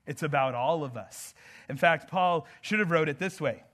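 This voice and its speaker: A pastor from the American Southwest delivers a sermon in a notably high voice for a man. He keeps it loose and conversational, joking with the congregation and laughing between points. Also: normal speed, fairly bright tone.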